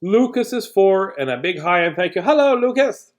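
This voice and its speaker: Animated, jokey man reading bedtime story. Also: high voice, normal speed. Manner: jokey, animated, chatting to listeners. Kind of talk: playful read-aloud with chatty asides.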